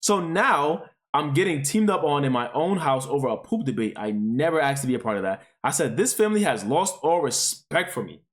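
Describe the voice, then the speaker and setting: A man's voice: fairly high pitch, animated, fairly quick, few pauses. A man streaming, reading online posts aloud and reacting to them in a profane, rambling, exclaiming way.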